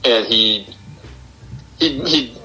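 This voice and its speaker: A man's voice: mid-range voice, very slow, sharp tone, poor audio. A young man hosting a podcast, casually retelling a film's plot scene by scene and acting out the characters' lines. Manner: retells film plot step by step, acting out quotes. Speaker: podcast host. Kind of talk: casual film review chat.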